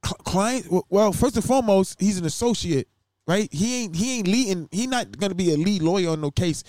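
This is a man co-hosting a podcast, riffing in casual chat. His voice sits high for a man, and the sound is dry and close. He is animated and profane, and he keeps slipping into quick voiced impressions of other people. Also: dry recording. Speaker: podcast co-host.

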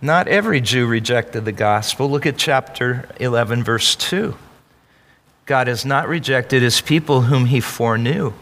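A man's voice: mid-range voice, normal speed, fairly bright tone. A man, a pastor, preaching an emphatic sermon and calling on the congregation to answer back. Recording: long reverb of a large hall.

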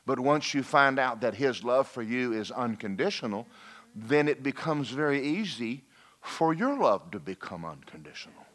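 Animated preacher, lively pitch. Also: male voice, normal speed. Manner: folksy, animated preaching with mock voices and asides. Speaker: pastor. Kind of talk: lively sermon.

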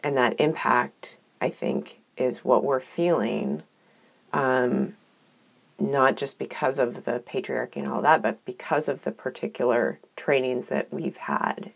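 A woman co-hosting a podcast, talking in a thoughtful, earnest and measured way in a reflective conversation. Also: very deep voice, vocal fry, husky. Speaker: podcast co-host.

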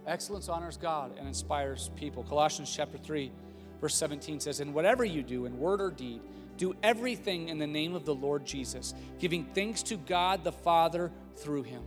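Faint music and long hall reverb surround a male pastor in his thirties. His slightly high voice moves at a normal speed as he delivers a humorous, conversational sermon that grows into emphatic repetition.

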